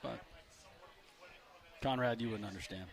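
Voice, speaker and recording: A man's voice: mid-range voice, measured pace, vocal fry. A married man co-hosting a sports radio show, joking and laughing easily in casual chat. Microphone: studio microphone.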